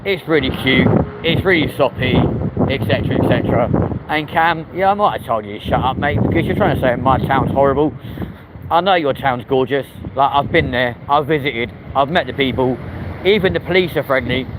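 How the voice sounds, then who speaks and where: A man's voice: medium pitch, fairly quick. A man with a London accent chatting in a rambling, cheeky way as he hosts a live stream while walking outdoors on a city street. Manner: chatty, rambling and cheeky, answers viewer comments. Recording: wind and street noise on the mic. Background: traffic and wind.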